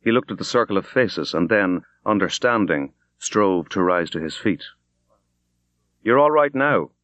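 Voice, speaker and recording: Low-voiced man reading measured literary prose. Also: fairly bright tone, dry recording. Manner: measured, grave, unhurried. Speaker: audiobook reader. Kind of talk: scripted literary narration.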